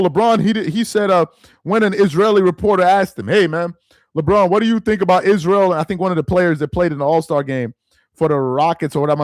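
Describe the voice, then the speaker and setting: A high-voiced man, captured on a dry recording, hosts a sports commentary channel. He rants at the camera in exasperation, repeating the same phrases over and over to hammer them home.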